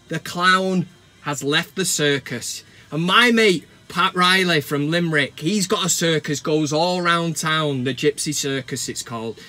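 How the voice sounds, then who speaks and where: High-voiced swearing football fan host. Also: male voice, pushed and bright. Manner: swearing, mock-sentimental, comic rants. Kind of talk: comic football fan vlog. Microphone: camera mic.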